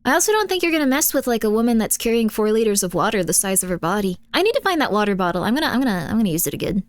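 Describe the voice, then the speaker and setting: A woman's voice: mid-range voice, sing-song, racing, no room sound. A woman streamer chatting casually with her audience, rambling through fillers and laughing often. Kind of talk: casual chat, reacting to chat and videos.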